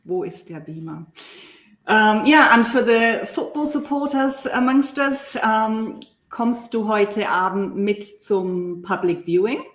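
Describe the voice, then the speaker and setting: A woman working as a German language coach, talking through example phrases in a measured way during a casual online discussion. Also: mid-range voice. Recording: echoey room.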